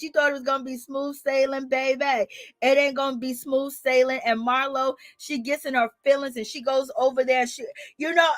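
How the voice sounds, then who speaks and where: High-voiced woman dishing reality TV gossip. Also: no room sound. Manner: animated, sassy, laughs often, says "girl" and "Lord have mercy". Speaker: commentary vlogger. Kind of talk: casual reality TV commentary.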